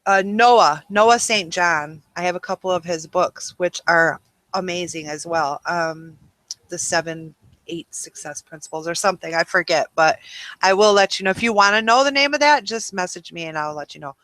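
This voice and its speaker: A woman hosts a webinar with a bright, forward voice. She talks casually and rambles, filling gaps with ums and you-knows. The sound is dry and close, with no room around it. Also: on the low side, normal speed, dry recording. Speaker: webinar host.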